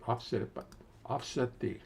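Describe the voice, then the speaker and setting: Gravelly older man chatting on a livestream. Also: medium pitch, moderate pace, a little hiss or hum. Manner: chatty, muttering to himself, greeting viewers by name. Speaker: musician hosting a livestream. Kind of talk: casual livestream chat. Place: home studio.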